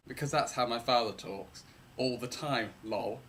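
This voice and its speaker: Playful, animated young man explaining. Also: medium pitch, normal speed. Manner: playful, rambling, repeats words for effect. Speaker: vlogger explaining philosophy. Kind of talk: casual explainer vlog.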